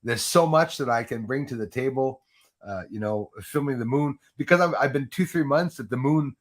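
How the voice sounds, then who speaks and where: A man's voice: medium pitch, moderate pace. Guy rambling on his live stream, usb mic at home, keeps restarting, chuckles at himself. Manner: rambling, restarts often, laughs at own jokes. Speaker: livestream host. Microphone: Yeti USB microphone.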